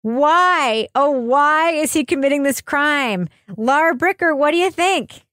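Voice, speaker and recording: A chatty woman hosting a podcast panel, her voice sitting a little high and often breaking into laughter mid-sentence. The sound is dry and close, with hardly any room around it. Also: expressive, unhurried, a bit bright, dry recording. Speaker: podcast host. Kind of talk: casual panel chat.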